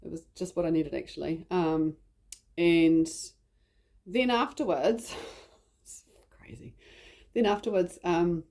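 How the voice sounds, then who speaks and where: A woman's voice: on the low side, slow, pauses often, darkish tone. A woman with a New Zealand accent telling a personal story in a chatty, rambling way. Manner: chatty, rambling, heavy use of "like". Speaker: vlogger.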